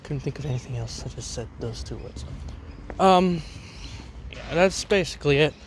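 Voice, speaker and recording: A man's voice: on the high side, animated, moderate pace, slight background noise. Rambling young Australian man on a station platform. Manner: rambling, hesitant, with fillers and restarts. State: talking with a lozenge in his mouth. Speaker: trainspotting vlogger. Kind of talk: casual walking commentary. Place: outdoor train station platform.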